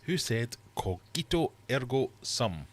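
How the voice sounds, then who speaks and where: A middle-aged man hosts a casual livestream quiz from his fish room, chatting and joking as he reads out questions and scores. His mid-range voice is sing-song and slow.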